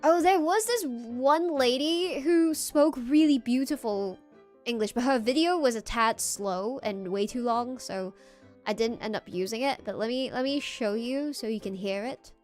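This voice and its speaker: An American woman streamer chats casually over the videos she plays, playful and meandering. She speaks slowly in a high voice. Faint music plays underneath. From United States.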